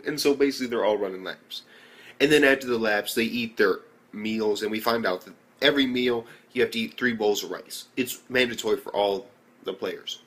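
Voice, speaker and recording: A man's voice: fairly low pitch, fairly quick, fairly bright tone. A young man casually reviewing an anime episode, rambling loosely with lots of fillers and swearing.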